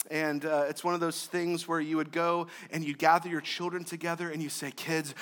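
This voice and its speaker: A young male pastor preaching a sermon, conversational with joking asides, swinging from loud emphasis to quiet, low lines.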